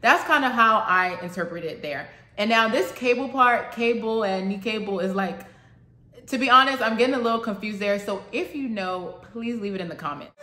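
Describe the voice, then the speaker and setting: A woman's voice: fairly high pitch, animated, moderate pace, pushed and bright, roomy sound. A woman casually explaining song lyrics to her channel's viewers, chatty and thinking aloud as she goes.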